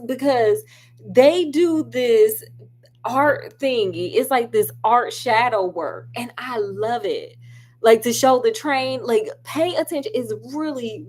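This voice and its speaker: A woman's voice: on the high side, darkish tone. A woman reviewing a film in a casual, sassy, chatty way. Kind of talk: casual chat.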